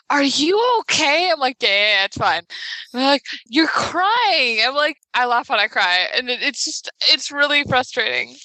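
A woman's voice: on the high side, sharp tone, no echo, poor audio. A woman chatting on a podcast, telling stories animatedly and giggling often. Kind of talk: casual chat.

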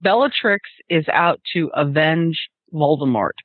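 A man co-hosting a casual book-discussion podcast, giving animated, amused commentary. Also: on the high side, measured pace, dry recording. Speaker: podcast co-host. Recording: tinny phone line.

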